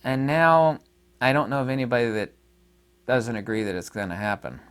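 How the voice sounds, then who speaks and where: A man's voice: on the low side, fast talker, fairly bright tone, clear, resonant tone. A man talking to his audience in a casual solo monologue, rambling and emphatic, with many fillers and restarts. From United States. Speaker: online commentator.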